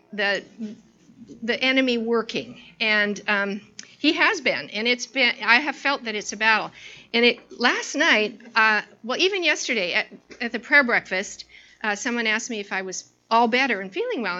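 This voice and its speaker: Bright, lively woman preaching a story. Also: on the high side, lo-fi sound. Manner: animated storytelling, lots of restarts and fillers. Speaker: women's ministry speaker. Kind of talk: informal sermon with personal story.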